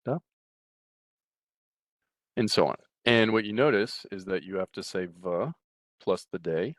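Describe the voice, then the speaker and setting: A middle-aged man giving a recorded language lecture from a textbook, relaxed, often checking in with "right?" and restarting his sentences. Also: on the low side, a little slow, dry recording. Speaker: Russian language teacher.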